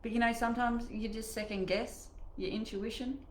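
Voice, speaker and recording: A middle-aged woman leading a live online coaching session in a chatty, animated way, acting out the voices in her head. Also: on the high side, normal speed, reverberant, slight background noise, low-quality recording. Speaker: mindset coach.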